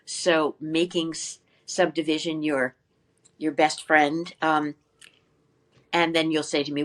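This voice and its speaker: An older woman who teaches flute is a guest in an interview, explaining practice methods in a lively way. She asks lots of rhetorical questions and sings short syllables to demonstrate, her voice sitting low and a little slow.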